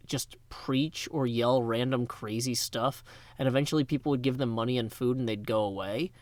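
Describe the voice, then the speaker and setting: On a game livestream, a man from Tennessee rambles and jokes casually while he thanks donors. He speaks at medium pitch, and the audio is studio quality with no echo.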